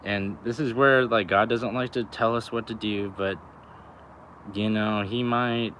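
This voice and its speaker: A man's voice: fairly low pitch, fairly even intonation, a little slow, a bit bright, a little hiss or hum. A young adult man rambling about spirituality outdoors, in loose slang full of "like" and "you know" and frequent swearing. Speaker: vlogger. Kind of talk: rambling spiritual musing to camera.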